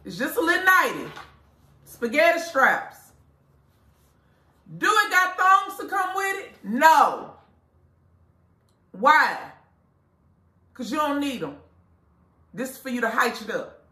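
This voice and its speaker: A woman who owns a lingerie store, doing a casual live product pitch to her customers, blunt, profane and preachy. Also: very animated, slow, pauses often, bright, forceful tone, echoey room. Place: inside her shop.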